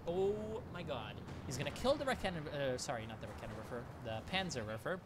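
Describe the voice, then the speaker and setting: Excitable man casting a strategy game. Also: a little high, fast, background noise. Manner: excitable, swears freely, breaks into laughter. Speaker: game caster. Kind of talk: live strategy game commentary.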